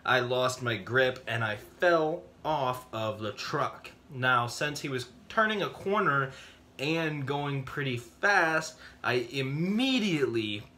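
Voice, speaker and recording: A man vlogging to camera, telling personal stories with big dramatic reactions and acted-out quotes. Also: takes it slowly. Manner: excitable, acts out voices in his stories with big pitch jumps. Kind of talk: animated storytelling to camera.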